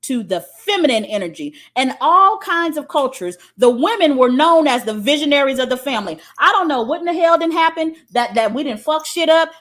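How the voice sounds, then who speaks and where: A woman giving a spiritual teaching talk in a blunt, profane and emphatic way, often checking in with "okay?". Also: sits high.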